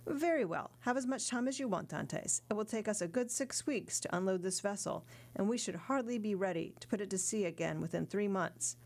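A woman's voice: medium pitch, lively intonation, fairly quick, few pauses, darkish tone. A woman reading the part of a kindly middle-aged male ship owner in an audiobook, in a fatherly, encouraging manner.

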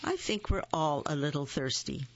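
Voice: mid-range voice, expressive, normal speed, no room sound, dull audio. A reader doing a big cuddly bear. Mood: friendly.

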